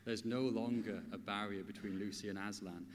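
A man reading a children's story aloud and then giving a devotional, calm, measured and earnest. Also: fairly low pitch, a little hiss or hum. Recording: long hall reverb.

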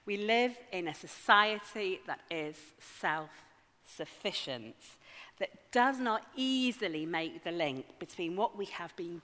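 In a church with long hall reverb, a woman preacher delivers a sermon. Her voice is on the low side with a sharp tone, and she keeps things conversational, tossing wry asides to her congregation.

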